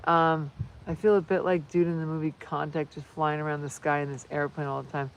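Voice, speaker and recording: A woman's voice: sits low, flat delivery, a little fast. A woman hosting a casual live stream outdoors, rambling and chatting while she reads viewer comments aloud. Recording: distant mic with faint background noise.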